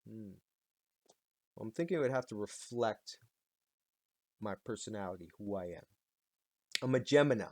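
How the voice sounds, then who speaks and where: A man's voice: lowish voice, animated, measured pace, long pauses, no room sound. A man hosting a solo podcast, ranting in a rambling, sarcastic and profane way. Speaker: podcast host.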